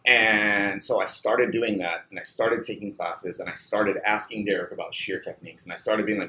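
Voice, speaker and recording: A man who owns a barbershop, chatting casually as a guest, animated and swearing freely with lots of "like" fillers. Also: on the low side, normal speed, hardly any pauses. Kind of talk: casual chat. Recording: roomy echo, faint background hum.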